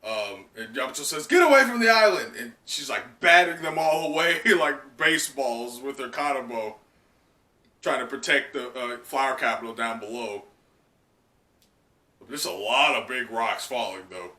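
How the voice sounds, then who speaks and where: A man's voice: mid-range voice, measured pace, sharp tone. Casual man reacting, in an echoey room. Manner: casual, laughing, many fillers. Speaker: host. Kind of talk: live comic reaction. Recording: echoey room, distant mic.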